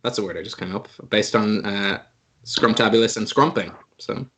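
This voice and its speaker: A man's voice: lowish voice, normal speed, a bit bright. A man narrating a tabletop game as game master, playful and often laughing. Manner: playful, laughing, voices creatures in short bursts.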